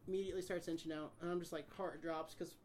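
A man in his twenties telling a story in casual chat with friends, animated and swearing, acting out the voices of the people in it. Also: on the high side, fast, a little hiss or hum. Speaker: podcast guest.

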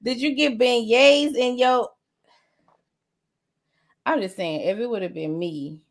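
A woman's voice: fairly high pitch, slow. A woman co-hosting a casual podcast with blunt, teasing banter, speaking. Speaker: podcast co-host. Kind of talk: casual chat.

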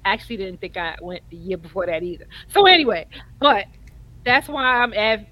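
A woman, co-hosting a casual chat and giving earnest, animated advice. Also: mid-range voice, brisk, rough recording. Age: 50s. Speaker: co-host.

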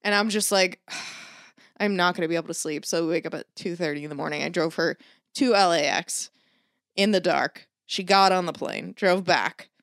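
A woman's voice: on the low side, moderate pace, no echo, clean studio sound. A woman casually telling a long story in a podcast chat, swearing freely and mimicking the people she quotes. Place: Los Angeles area.

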